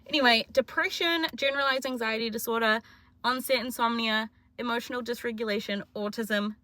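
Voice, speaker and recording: Bright-voiced young New Zealand woman. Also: a little high, fairly even intonation, fairly quick, no room sound. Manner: chatty, self-mocking, jokey. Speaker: vlogger. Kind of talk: casual confessional vlog.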